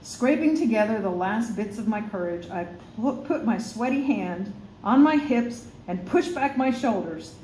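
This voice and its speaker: A woman author reads her first-person storybook aloud, measured and expressive, tripping over a word now and then. Her voice sits in a middling pitch. The room sounds roomy, with a faint hiss behind. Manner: measured, expressive, with small slips. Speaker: author reading her book. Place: studio for a radio show.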